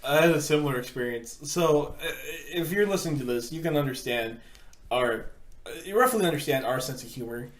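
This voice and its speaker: A man co-hosting a podcast, telling stories in a casual, animated way and laughing often as he acts out quotes. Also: mid-range voice, a little fast. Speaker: podcast co-host. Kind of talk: casual storytelling chat. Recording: roomy echo.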